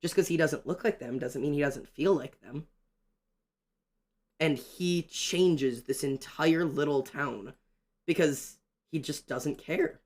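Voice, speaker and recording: A young man chatting excitedly on a livestream while drawing, ranting and greeting his chat. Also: fairly high pitch, slow.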